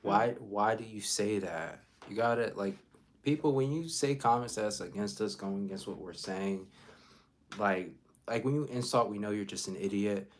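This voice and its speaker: Brief: male co-host, relaxed casual talker, slightly low voice, filler-heavy. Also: moderate pace. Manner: loose, filler-heavy, repeats words. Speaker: livestream co-host. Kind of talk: casual political chat.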